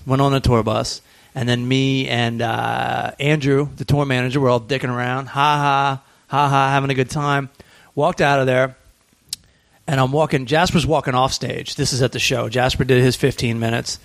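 A man hosting a podcast, telling a story in a loose, animated way, laughing often and acting out the people in it. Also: mid-range voice, normal speed, gravelly. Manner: animated, laughing, acts out voices in stories. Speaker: podcast host. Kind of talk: casual storytelling chat.

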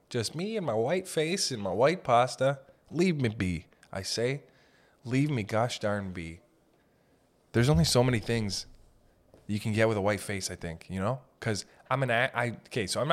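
A man's voice: mid-range voice, animated, a little fast. A young man talking on a podcast in a rambling, self-deprecating comedic monologue, swearing casually. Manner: meandering, self-deprecating, swears casually, breaks into loud mock shouts. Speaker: podcast host.

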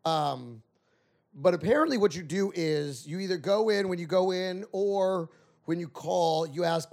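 Gravelly high-voiced wisecracking man. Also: a little mellow. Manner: wisecracking, quick banter. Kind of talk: casual podcast chat.

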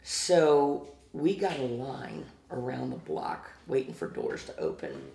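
A man with a Midwestern American accent, a podcast guest telling a backstage story in a casual, animated way and acting out the quotes. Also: medium pitch, slow, vocal fry, roomy sound, a little hiss or hum. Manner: animated anecdote teller who acts out quotes. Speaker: guest, former music venue promoter.

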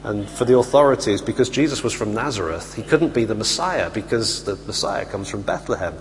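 A man preaching a sermon, telling the story in a lively way and acting out the voices of the people in it. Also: on the low side, fairly quick. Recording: hall reverb with faint hum.

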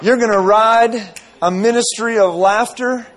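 A man with a notably high voice preaches a sermon. He tells his story loosely, circling back with repeated phrases and asides to the congregation. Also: steady tone, unhurried, a bit bright, soft background music.

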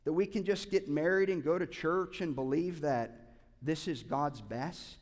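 A male pastor preaching a sermon with passion, swinging from loud urging to quiet asides. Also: a little high, a little slow. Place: church sanctuary. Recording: hall reverb.

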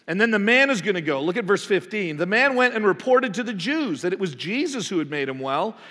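Male pastor, slightly high voice, chatty sermon delivery, lots of rhetorical questions, echoing sanctuary. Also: fairly bright tone. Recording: long hall reverb.

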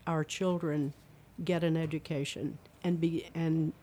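An older woman with an Eastern Kentucky accent chats in a relaxed radio interview. She tells stories in an animated way and slips into other voices to show what she means. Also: sits low, measured pace. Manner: animated storyteller, demonstrates voices. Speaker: guest, retired speech and theater teacher. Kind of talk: casual interview chat.

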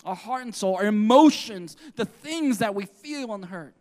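A man's voice: sits high, expressive, normal speed, a little mellow. A male pastor preaching a sermon in an earnest way, often putting questions to the congregation.

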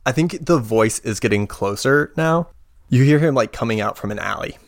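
A relaxed woman narrates a tabletop game as game master, often pausing to hunt for the right word. Her delivery is loose and casual, with plenty of fillers. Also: extremely low pitch. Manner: relaxed, hesitant, searching for words.

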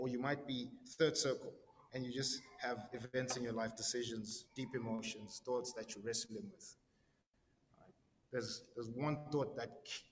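A man's voice: mid-range voice, a bit bright, slight background noise. Man preaching casually in a reverberant hall. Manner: conversational and slangy, constant "right?" tags, stammered repeats. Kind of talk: casual sermon.

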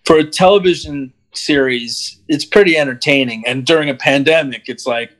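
A man chatting casually about a TV series, rambling and animated, with many restarts. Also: a little high, moderate pace. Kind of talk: casual chat.

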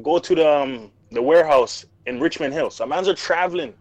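A young man spins a story at a rapid clip, leaning on slang and acting out other people's lines. His voice sits a little high for a man and sounds close and dry, with no room around it. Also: dry recording. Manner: animated slangy storytelling, acts out quotes. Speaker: podcast co-host. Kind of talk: casual storytelling chat.

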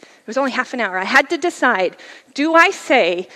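Earnest woman with a bright, higher voice. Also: expressive, normal speed, big-room sound. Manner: earnest, conversational storytelling with sudden soft, hushed drops. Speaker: guest speaker sharing a testimony. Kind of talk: personal testimony talk. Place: church service.

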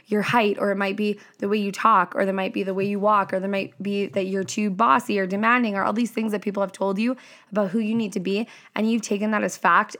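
A woman's voice: mid-range voice, fairly bright tone. A chatty young woman hosts a casual podcast monologue in a mid-range voice. She peppers her talk with "like" and "right?" and swears freely. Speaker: podcast host and coach.

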